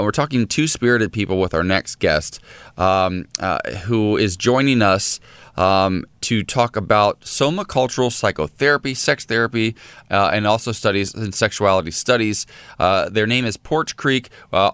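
A man's voice: fairly low pitch, fairly bright tone, smooth, dry recording. A man co-hosting a morning show, teasing his partner with dry jokes and then interviewing a guest. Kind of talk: casual chat.

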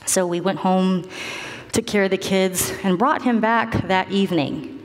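A woman telling a personal story in an earnest, animated way, acting out what other people said. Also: mid-range voice, unhurried, big-room sound. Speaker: storyteller recounting a family medical ordeal.

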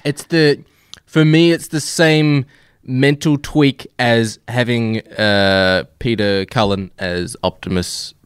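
A man hosting a casual podcast, chatty and animated, laughing often. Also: mid-range voice, slow pace, clean tone, dry recording, clean studio sound. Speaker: podcast host.

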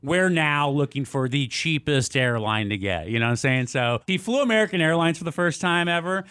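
A man's voice: fairly high pitch, no echo, studio quality. A man in his thirties co-hosting a radio morning show, telling a story in casual chat and acting out quotes with a lifted voice. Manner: animated, acts out quotes with a raised voice.

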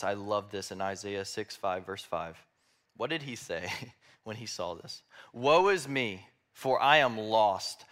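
A man's voice: mid-range voice, fairly bright tone. A man preaching a sermon, reading Bible verses aloud with emphasis and breaking into casual explanatory asides. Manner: expounding scripture, reads verses aloud with emphasis; conversational asides with fillers like "like". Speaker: pastor.

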